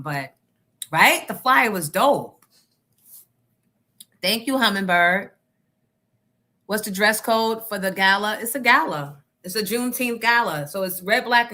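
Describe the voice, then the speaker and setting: An outspoken woman chats loosely to her audience on a livestream. Her voice is bright and forceful and sits at a middle pitch. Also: expressive, a little slow. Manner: outspoken, talks back to the chat. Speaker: livestream show host. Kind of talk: casual livestream chat.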